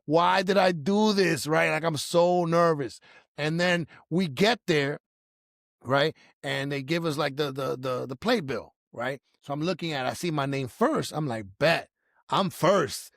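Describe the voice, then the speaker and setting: A middle-aged man telling a personal story in casual chat, animated and acting out his own nervous moments. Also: a little high, moderate pace, gravelly, dry recording, clean studio sound. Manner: animated, acts out his own past panic in quotes. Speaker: storyteller guest.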